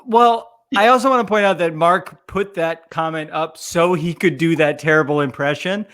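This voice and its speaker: A man's voice: a little high, moderate pace, fairly bright tone. A man on a casual panel, talking loosely.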